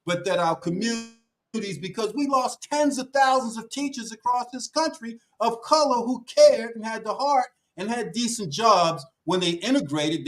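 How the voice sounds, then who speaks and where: A man's voice: sits high, low-quality recording. A man speaking emphatically on a talk show panel, with a preaching cadence that rises and falls.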